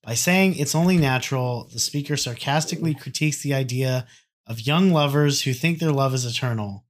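A man's voice: mid-range voice, a little fast. A man co-hosting a casual podcast, reading song annotations aloud in a mocking, sarcastic way. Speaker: podcast co-host.

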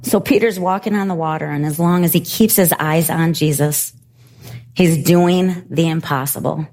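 A middle-aged woman preaching a sermon and telling a story in an animated, laughing way. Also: deep voice, moderate pace. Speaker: pastor.

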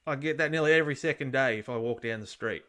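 An Australian man chatting loosely on a podcast, blunt and rambling, with the odd curse thrown in. His pitch sits in an ordinary middle range. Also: fast talker, fairly bright tone. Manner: rambling, blunt, swears casually. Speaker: podcast co-host. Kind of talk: casual chat.

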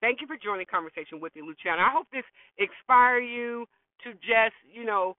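Speaking a little fast with lively intonation and a fairly high pitch, a middle-aged woman hosts a preachy, blunt motivational monologue where she repeats points for emphasis. The recording is dry, phone-like, and lo-fi.

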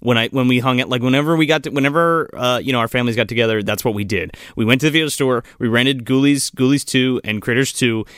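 A man's voice: medium pitch, fast, few pauses, a bit bright, dry recording, studio quality. A man co-hosting a podcast, recapping a film in a loose, profane, rambling way with frequent restarts. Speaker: podcast co-host. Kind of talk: casual movie-recap chat.

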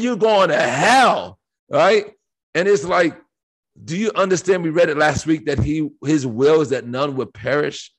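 Emphatic man preaching on a podcast. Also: on the high side. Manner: animated and emphatic, asks rhetorical questions, quotes scripture. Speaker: podcast co-host. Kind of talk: preaching-style faith discussion.

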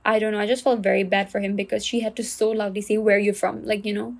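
A woman's voice: medium pitch, flat delivery, fast talker, vocal fry. A young Singaporean woman hosts her own podcast and talks straight to the listener. Her Singaporean English accent is easy to hear, and she tells her story earnestly, with plenty of likes and restarts. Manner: earnest, storytelling with many fillers. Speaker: podcast host. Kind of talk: casual solo podcast talk.

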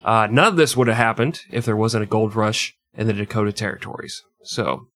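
A man in his thirties co-hosts a comedy history podcast in casual comedic chat, joking, laughing often, and plugging the show. His voice is on the low side and a bit bright, and he speaks briskly.

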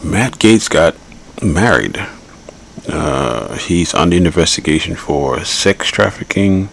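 A man's voice: low voice, lively intonation, slow pace, vocal fry, very noisy. A man hosting a podcast, giving blunt, rambling political commentary and repeating his points. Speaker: podcast host.

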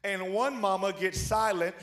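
A man preaching a revival sermon, swinging from hushed, rhythmic lines to loud shouted peaks, with joking asides to his congregation. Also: high voice, unhurried. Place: large church hall. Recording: echoey church hall.

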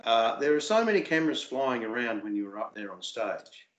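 Man recalling with halting repeats, echoey room. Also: medium pitch. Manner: hesitant, repeats words, animated when recalling. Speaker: interview guest, former singing show contestant. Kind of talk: casual interview talk.

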